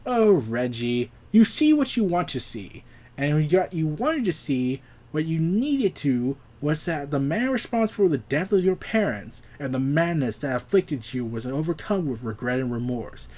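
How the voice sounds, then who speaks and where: A man voicing a cold, scheming male comic-book mastermind, speaking slowly, low and quietly menacing. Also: very animated. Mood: sly, menacing.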